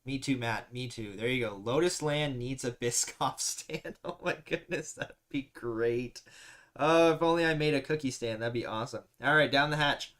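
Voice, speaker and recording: Man, live stream host, casual chat, reads comments aloud, laughs often, medium pitch. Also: normal speed, a bit bright. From Canada.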